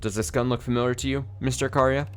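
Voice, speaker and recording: A man's voice: mid-range voice, fairly even intonation, fast, faint music behind, pitched above the performer's own voice, natural voice. A man voicing a smug, sly male prosecutor in a game, questioning in a mocking, theatrical way. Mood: needling.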